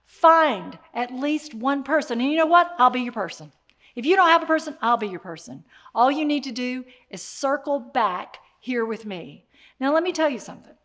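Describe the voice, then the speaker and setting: A woman giving a motivational talk, speaking straight to the listener in an animated way and repeating her key phrases. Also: high voice, normal speed.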